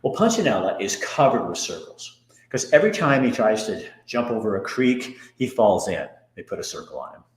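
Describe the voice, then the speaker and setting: Deep-voiced man in an echoey room. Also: big pitch swings, normal speed. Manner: earnest, swinging from angry to soft and hushed. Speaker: host. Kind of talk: emotional personal monologue.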